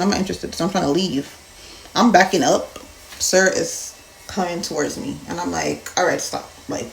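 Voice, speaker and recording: A young woman from Jamaica telling a story in a casual vlog, blunt and animated, acting out the dialogue as she goes. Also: lowish voice, a little hiss or hum. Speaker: vlogger.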